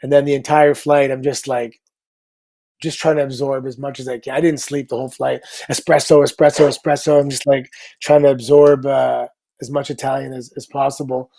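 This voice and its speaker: A middle-aged man, a guest on a talk show, telling a story in an upbeat, casual way with quick asides. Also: medium pitch, gravelly. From Canada. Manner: lively anecdote teller, upbeat, quick asides.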